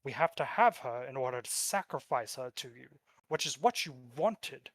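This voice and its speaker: A man voicing an arrogant, proud male noble lord who speaks loudly and haughtily. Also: mid-range voice, animated, normal speed, no echo. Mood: bargaining.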